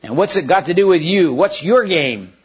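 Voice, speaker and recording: A man voicing a miserable young boy who struggles to get his words out, then stands up loudly. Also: on the high side, unhurried, husky, lo-fi sound, voice pushed up, full character voice. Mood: defiant. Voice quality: strained, forcing words out.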